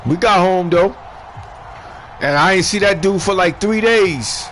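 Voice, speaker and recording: High-voiced New York man telling stories. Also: unhurried, slight background noise. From Brooklyn, New York. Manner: animated storytelling, heavy slang and profanity. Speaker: gamer streaming online play. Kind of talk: casual chat while gaming.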